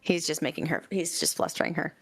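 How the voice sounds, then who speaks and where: A woman playing a tabletop role-playing game, describing her character's actions in a halting, filler-heavy, giggly way. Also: sits low, dry recording. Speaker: player.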